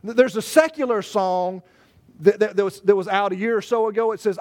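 A man preaching a sermon in an animated way, stammering and restarting, and acting out the voices he quotes. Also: high voice, a little fast. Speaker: pastor.

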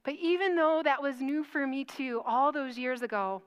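High-voiced woman telling a funny church story. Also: moderate pace. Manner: animated, self-mocking storytelling with acted quotes. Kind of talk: storytelling sermon.

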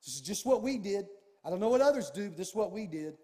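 A man preaching a sermon as a pastor, telling a personal story with animated swings from hushed tones to shouting. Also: high-pitched, fast talker, long reverb tail.

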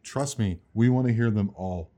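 A man co-hosting a casual podcast chat, joking and teasing his co-host and quick to laugh. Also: lowish voice, warm tone.

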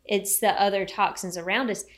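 A woman's voice: mid-range voice, fairly even intonation, fairly quick. Encouraging woman podcast co-host. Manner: enthusiastic, encouraging, faith-tinged. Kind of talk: casual podcast conversation.

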